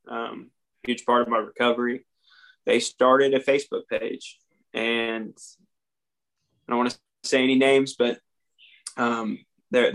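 A young man with a drawl and a gravelly, medium-pitched, fairly bright voice tells his addiction recovery story on a podcast. His delivery is plain-spoken and earnest, and he acts out lines from his own past.

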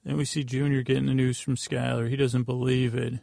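Gravelly, flat-voiced man rambling through a recap. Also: mid-range voice, a little fast, dry recording, clean studio sound. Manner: rambling, self-correcting, offhand. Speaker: podcast host. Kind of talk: meandering recap of a TV episode.

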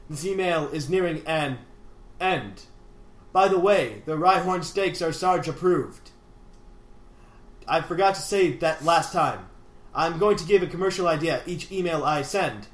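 A man's voice: on the high side, a little slow, fairly bright tone. A man co-hosting a casual podcast, reading listener emails with comic flourishes and laughing easily. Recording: echoey room.

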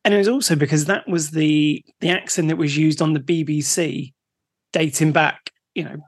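Man with a slightly higher voice. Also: fairly even intonation, moderate pace. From United Kingdom. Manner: steers the talk, asks the questions. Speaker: podcast co-host. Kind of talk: casual podcast chat.

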